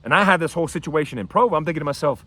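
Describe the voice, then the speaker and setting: A man telling a personal story to camera outdoors, casual and animated, acting out what people said. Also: fairly high pitch, racing, no echo. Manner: animated, acts out quotes in a raised voice. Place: outdoors by his house and driveway.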